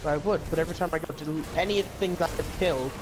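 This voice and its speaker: A man's voice: a little high, steady tone, quick pace, background noise. A man chatting casually as a teammate in a game, laid-back and explaining what he did. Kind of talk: casual gaming chat.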